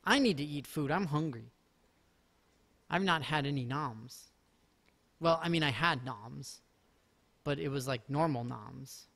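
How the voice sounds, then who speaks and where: A man's voice: on the high side, unhurried, gravelly, long pauses, fairly bright tone. A man streaming a game live, talking casually in a rambling way and making self-mocking jokes.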